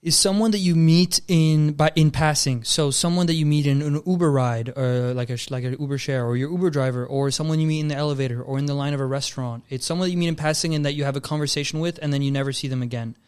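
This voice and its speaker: A man's voice: on the high side, fairly even intonation, quick pace, hardly any pauses, clear, resonant tone. A young man from Canada, a filmmaker guest, telling a long story in a casual chat, easygoing and calling people bro and dude. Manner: laid-back, calls people bro and dude.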